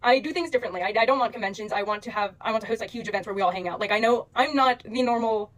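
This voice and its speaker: A young woman speaks straight to camera for her followers, her voice a little high and her words tumbling out quickly. She rambles earnestly and emotionally through a stream of fillers. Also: rough recording. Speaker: social media creator. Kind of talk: direct-to-camera address to followers.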